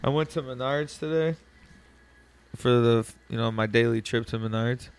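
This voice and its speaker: A man's voice: mid-range voice, normal speed, clear, resonant tone. A young man casually telling a story on a podcast, swearing often and laughing as he goes. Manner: profane, laughing, animated retelling.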